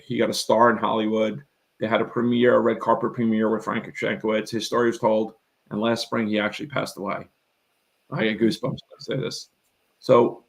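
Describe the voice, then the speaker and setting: A man's voice: medium pitch, vocal fry, poor audio. A middle-aged man telling a long personal story in a live interview, earnest and rambling, often acting out what he and others said. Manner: earnest, rambling, emphatic, quotes himself and others. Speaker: real estate investor and coach.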